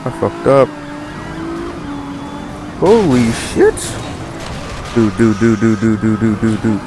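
A man's voice: fairly low pitch, flat delivery, moderate pace, noisy background. A man giving casual, profane, rambling commentary over his gameplay as a gaming YouTuber. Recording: game music playing underneath. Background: racing game music and car sounds.

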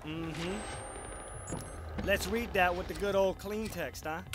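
A very high male voice yells and swears through horror game commentary. His delivery is loud and excitable. A heavy hiss of noise runs under the recording. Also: slow pace. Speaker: gaming video creator.

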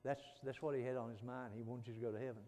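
Man, middle-aged preacher, folksy sermon, soft pleading to loud fervent, long church reverb. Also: medium pitch, fairly even intonation, racing. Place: church sanctuary.

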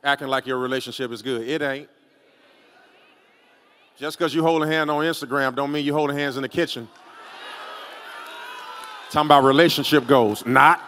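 A male pastor preaching a sermon in a large church, dramatic, sliding from low quiet talk up to shouting. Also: fairly even intonation, brisk, pauses often, in a large hall, some chatter behind, a little hiss or hum. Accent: Southern US.

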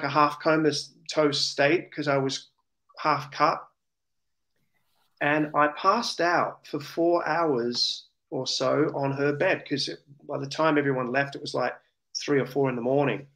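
An Australian man, an interview guest, earnestly and emotionally recounting a personal testimony. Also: a little high. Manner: earnest, emotional, animated retelling.

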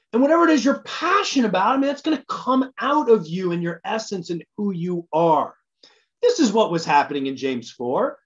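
A man preaching a casual midweek sermon as a minister, telling stories in an animated, joking way. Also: sits high. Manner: casual, animated storytelling with jokes. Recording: slightly dull lo-fi sound.

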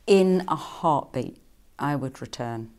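A woman's voice: animated, a little mellow. A middle-aged woman from England, an actress and singer, casually answering fan questions in a chatty, playful way. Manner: chatty and playful, with quick jumps into higher quoted voices.

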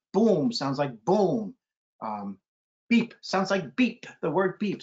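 Man, middle-aged, children's book reading, mimics birdsong, muffled low-fi sound. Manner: animated, mimics bird calls with sudden high hoots. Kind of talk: storytime read-aloud with bird call imitations.

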